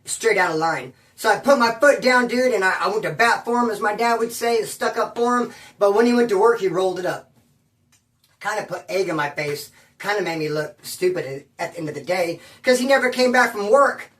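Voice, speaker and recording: A man's voice: high-pitched, lively intonation, fairly quick, a bit bright, distant mic. A man from California casually telling a prison story in rambling, slang-heavy talk. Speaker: former inmate telling prison stories.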